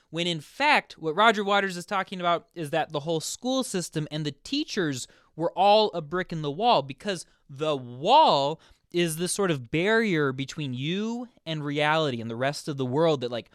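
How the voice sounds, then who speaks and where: A man hosting his own channel, explaining a song's meaning in a casual, chatty way, full of "like" and quick asides. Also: a little high, clean tone, no room sound, studio quality. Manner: chatty, filler-heavy, animated. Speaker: music explainer host. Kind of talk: casual explanatory video commentary.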